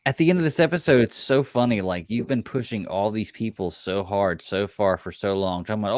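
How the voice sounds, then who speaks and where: A man co-hosting a podcast, talking casually and telling things in an animated, exasperated way with many restarts. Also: on the low side, fast talker, hardly any pauses, no echo, clean studio sound. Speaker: podcast co-host. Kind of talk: casual chat.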